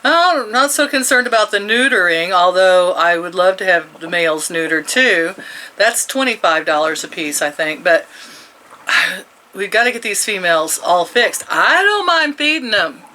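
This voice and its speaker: Woman, 60s, vlogger; bright, forceful tone, rambling chatty delivery with frequent chuckles. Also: on the low side, lively intonation, moderate pace, a little hiss or hum, low-quality recording. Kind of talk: casual chat.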